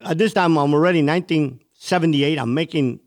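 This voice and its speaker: A man from Cuba recounts his past as an interview guest, speaking with intensity and vivid detail. His voice sits a little higher than most men's. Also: fairly quick. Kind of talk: storytelling interview.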